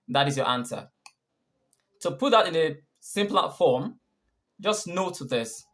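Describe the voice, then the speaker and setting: A man with a Nigerian English accent, teaching a scripted pronunciation lesson as a coach, explaining deliberately and quizzing the listener. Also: on the high side, fairly bright tone. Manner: clear, deliberate explanations with repeated quiz questions.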